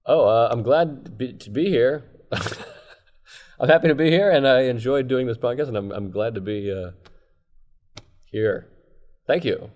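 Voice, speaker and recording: A man's voice: mid-range voice, normal speed, long pauses, darkish tone, lo-fi sound. Self-deprecating male comedian guest. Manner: self-deprecating, laughs often. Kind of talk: casual chat.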